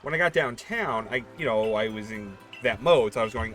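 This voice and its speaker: A man's voice: medium pitch, lively intonation, a little fast, a bit bright, faint music behind. A man streaming a game while telling rambling, self-correcting stories about work. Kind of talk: casual chat while gaming.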